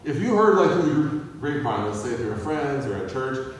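Pastor preaching from far off, echoing hall. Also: male voice, medium pitch, lively intonation, brisk, slight background noise. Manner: conversational, asks the audience questions. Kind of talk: sermon.

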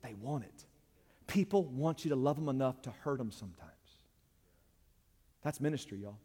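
A man preaching as a pastor, plain-spoken and direct, his delivery swinging between loud emphatic lines and hushed ones. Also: medium pitch, animated, moderate pace, pauses often, breathy edge. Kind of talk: sermon. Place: church. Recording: long reverb of a church hall.

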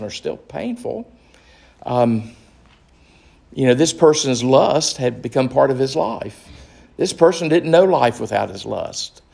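A man leading a Bible study as pastor, speaking slowly and earnestly with restarts. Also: medium pitch, creaky, darkish tone. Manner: slow, earnest, with fillers and restarts.

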